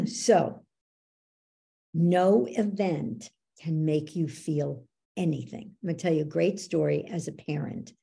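A woman coach explaining how beliefs work, teaching through lively anecdotes and acting out what people said. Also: deep voice, slow pace, gravelly, breathy edge. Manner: animated storyteller, acts out quoted dialogue. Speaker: belief coach, podcast guest.

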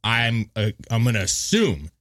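A man's voice: on the low side, big pitch swings, measured pace, fairly bright tone. A man co-hosting a podcast in casual banter, joking and swearing freely. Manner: joking, profane, rambling. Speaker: podcast co-host.

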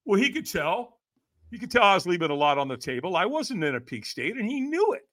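High, lively middle-aged man telling a story. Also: a little fast. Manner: lively, acts out quoted voices, frequent "right?". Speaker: podcast guest, personal development coach. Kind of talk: animated storytelling in a podcast interview.

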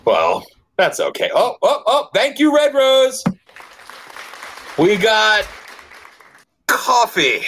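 A man's voice: high-pitched, wildly swooping pitch, takes it slowly, long pauses, fairly bright tone, some chatter behind, slight background noise. A man hosting a casual podcast chat in a joking, loose way, swearing freely. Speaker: podcast host.

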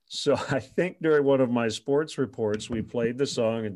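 Guy who did sports radio back in the day, telling old stories with lots of chuckles, mid-pitched. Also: moderate pace. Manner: animated storyteller, chuckling often. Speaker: former radio sports reporter. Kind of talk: storytelling in an interview.

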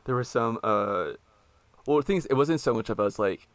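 A man's voice: mid-range voice, lively intonation, normal speed, dry recording. An American man hosting a podcast, chatty and loose, laughing often as he talks. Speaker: podcast host. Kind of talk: casual podcast interview.

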